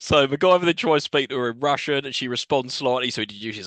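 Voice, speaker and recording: A man's voice: medium pitch, animated, fast talker, fairly bright tone, dry recording. A man co-hosting a podcast, recapping a TV episode in a wry, laughing, chatty way. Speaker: podcast co-host.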